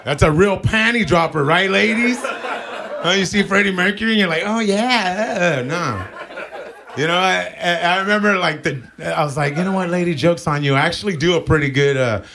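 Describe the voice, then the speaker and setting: Gravelly high-voiced man doing crude stand-up. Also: brisk. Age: 40s. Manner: crude, rambling, stammering restarts, laughs at his own jokes. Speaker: stand-up comedian. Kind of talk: live stand-up set. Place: live comedy venue with audience. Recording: live crowd laughter behind.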